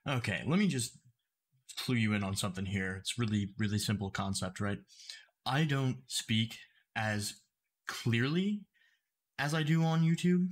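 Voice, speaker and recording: Man explaining carefully in commentary. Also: mid-range voice. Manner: explanatory, deliberately clear speech. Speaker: YouTube commentator.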